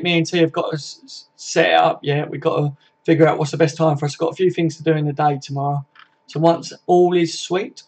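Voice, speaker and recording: A man's voice: fairly high pitch, a little mellow. A young man hosting a casual live stream, reading viewer comments aloud in a chatty, laddish way and swearing freely.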